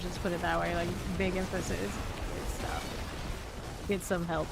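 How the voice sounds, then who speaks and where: A woman chats casually while she streams a game, reacting to her viewers and laughing often. Her pitch sits in the middle of the range. A steady wash of noise runs behind her voice. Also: measured pace, gravelly. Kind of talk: casual gameplay streaming chat.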